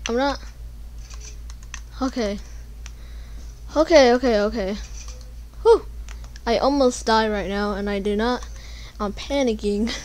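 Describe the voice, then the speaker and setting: Young female gamer, slow, slightly high, panicky, keyboard clicking. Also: slight background noise. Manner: panicky, jumps to loud pleading and yelling. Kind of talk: casual gameplay commentary.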